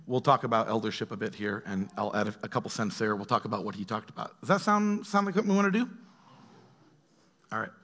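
A man leading a relaxed Bible study as pastor, talking conversationally and acting out quoted voices. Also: mid-range voice, in a large hall. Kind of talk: casual Bible study teaching.

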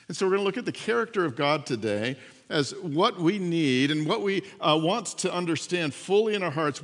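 A man preaching a sermon as pastor, telling a story in an animated way and acting out the voices in it. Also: high-pitched, in a large hall.

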